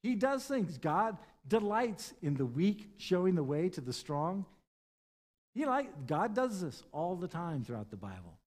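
A man preaching a sermon as pastor, moving from loud, stressed points to quiet, hushed lines and acting out the words of scripture figures. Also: sits high, sing-song, a little slow. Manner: impassioned, swings between loud emphasis and hushed tones.

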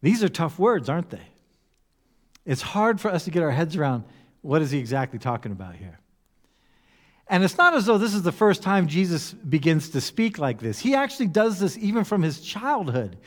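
A man preaching a sermon in an animated way, now and then acting out voices with humor. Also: on the high side, normal speed. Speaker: pastor. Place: church hall. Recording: long echo of a church hall.

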